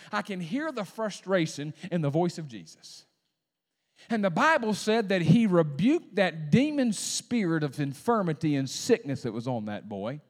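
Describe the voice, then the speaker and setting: A man pastor preaching a sermon to a congregation, with call-and-response lines and sudden swings between hushed talk and loud emphasis. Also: high voice. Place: church sanctuary. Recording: long hall reverb.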